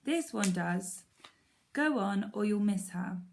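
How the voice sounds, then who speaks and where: A patient mother barn owl, calm and coaxing, with a mid-pitched voice and a slightly gravelly edge, as a woman reads her in a storybook. She sounds gentle and unhurried. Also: slight background noise.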